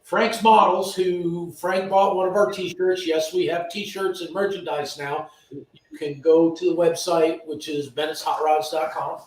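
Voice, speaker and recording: A man's voice: on the high side, level tone, measured pace, slight background noise. A man hosting a casual live stream from his garage shop, reading viewer names aloud in an easygoing way. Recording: echoey shop from far off.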